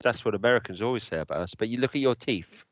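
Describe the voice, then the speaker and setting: A man's voice: fairly low pitch, racing, dry recording, lo-fi sound. A man from England with a Birmingham-tinged English accent, co-hosting a podcast as a chatty storyteller with British slang. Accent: Birmingham English, mixed with London. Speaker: podcast co-host. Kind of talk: casual chat.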